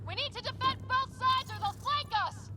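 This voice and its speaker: A steady woman soldier. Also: extremely high pitch, moderate pace, very noisy. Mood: tense. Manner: clipped tactical calls. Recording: game audio over loud music.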